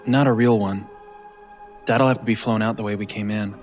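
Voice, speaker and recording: An actor playing a tired teenage older brother in an audio drama, speaking in an even, weighted way. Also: male voice, on the low side, normal speed, soft background music, natural voice. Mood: grave. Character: weary teenage older brother, grave and steady.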